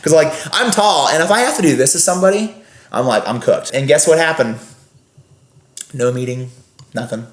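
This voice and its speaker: Lively young man telling a story. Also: a little high. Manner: lively, laughing, fast asides with filler "like". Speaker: podcast guest, former scare actor. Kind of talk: animated storytelling. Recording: roomy echo.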